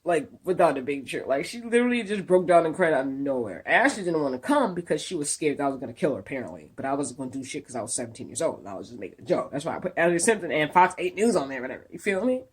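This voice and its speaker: A woman tells a story to camera in an animated, disbelieving voice. She swears freely and talks with plenty of emphasis. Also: low voice, racing, few pauses, husky. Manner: animated, profane, incredulous storytelling. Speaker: vlogger. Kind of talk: storytime vlog.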